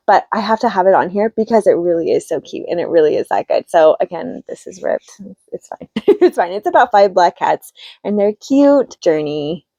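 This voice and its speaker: An upbeat, chatty woman in her thirties sums up picture books for other parents in a relaxed, casual way. Her voice is mellow and warm, recorded close and dry with a slightly dull, lo-fi tone. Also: fairly low pitch, moderate pace, no room sound. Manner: chatty and upbeat, retells stories with light laughs. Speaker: homeschooling mom reviewing children's books. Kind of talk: casual book review.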